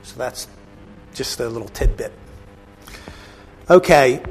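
A man's voice: medium pitch, expressive, takes it slowly, slight background noise. A man teaching a bible class, explaining a passage with casual asides to the listeners. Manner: conversational, asides to the audience.

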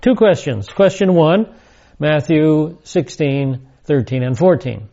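Guy with a gravelly dark voice doing a bible study class, slow and emphatic, kinda dull lo-fi sound. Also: on the high side, lively intonation. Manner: deliberate, emphatic, repeats key words. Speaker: Bible teacher.

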